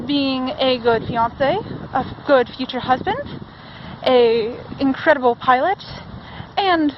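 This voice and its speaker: Girl cosplaying a lovesick young guy teacher vlogging to his far-off fiance, high voice, kinda muffled audio. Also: noisy background. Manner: wistful, talks to absent partner. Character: earnest young male pilot-teacher, fiance. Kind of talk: in-character cosplay vlog. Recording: dull lo-fi camera audio.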